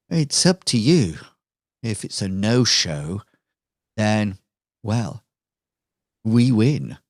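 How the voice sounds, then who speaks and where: A man's voice: on the low side, dry recording, studio quality, heavily acted. A man voicing a smug, scheming villainous woman who mocks and taunts her rivals in a tabletop game. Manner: taunting, drawn-out sly delivery.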